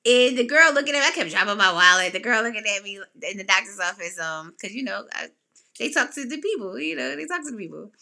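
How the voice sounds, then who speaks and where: Bright, lively woman telling a story. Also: quick pace. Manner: animated, acts out quotes with big pitch jumps. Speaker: podcast host. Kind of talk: casual personal storytelling.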